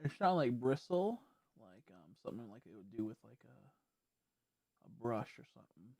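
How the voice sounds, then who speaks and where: A streamer chatting casually over a game, animated, laughing often and swearing freely. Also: mid-range voice, normal speed. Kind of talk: casual gameplay stream chat.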